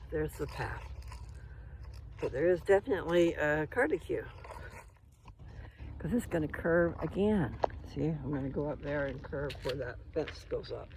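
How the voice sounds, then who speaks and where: A man with a slightly high voice chats loosely to his viewers as he walks along an outdoor path. He rambles from one thought to the next, speaking into a handheld phone, with faint outdoor ambience behind him. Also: creaky, background noise. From Colorado. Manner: rambling, talks to viewers while walking. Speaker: vlogger. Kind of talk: casual walking vlog.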